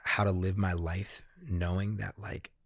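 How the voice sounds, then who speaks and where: A man, a podcast guest, candidly recounting a personal experience in casual, profanity-laced talk that grows animated when he quotes himself. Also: low-pitched, measured pace, gravelly, no echo, clean studio sound. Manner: swears freely, animated when quoting himself. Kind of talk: candid conversational storytelling.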